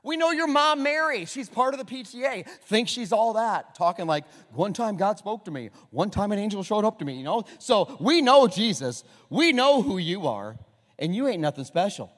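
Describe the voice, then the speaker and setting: A man's voice: high-pitched, very animated, moderate pace, fairly bright tone, voice pushed up. A man voicing a scoffing small-town neighbor who mocks and dismisses, speaking in an echoey hall. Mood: mocking. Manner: mocking, sneering, exaggerated.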